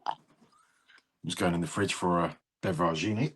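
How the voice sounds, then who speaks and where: This podcast co-host has a deep, husky, fairly bright voice and talks at a normal speed. He banters playfully in casual chat, teasing his friend and offering sing-song greetings.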